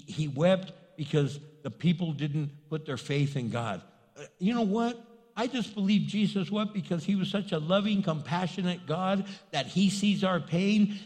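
A man preaching a sermon as pastor, in a casual, animated style that acts out quotes. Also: high voice. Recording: long reverb in a large hall.

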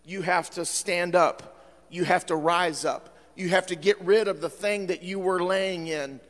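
A male pastor with a high voice and fairly even intonation preaches a sermon a little slowly, with long hall reverb. He uses frequent "uh" fillers and swings between fervent shouting and quieter appeals.

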